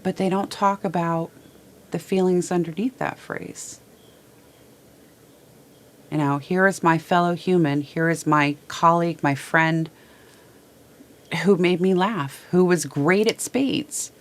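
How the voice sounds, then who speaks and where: A woman hosts a heartfelt talk from a small studio, her voice low in pitch. She speaks slowly and haltingly, stumbling and repeating words. She is plainly holding back tears. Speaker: host. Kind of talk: heartfelt personal talk to viewers.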